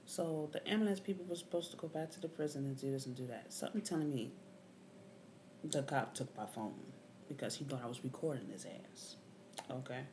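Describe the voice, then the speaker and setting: A woman's voice: low-pitched, expressive, normal speed, long pauses, a little hiss or hum. A woman vlogger casually recounting a story, indignant and swearing, her voice often rising sharply. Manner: indignant, swearing, rising to near-yelling at times.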